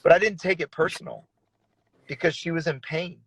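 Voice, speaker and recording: A man's voice: a little high, steady tone, normal speed, a bit bright, breathy edge, no echo, low-quality recording. A man in his thirties, a pastor, telling his story in an earnest, emotional way with frequent restarts. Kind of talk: conversational testimony in an interview.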